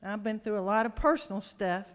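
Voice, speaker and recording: A woman's voice: mid-range voice, animated, a little fast. A woman state senator, giving an impassioned, indignant floor speech. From American South. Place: large legislative chamber. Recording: reverberant chamber.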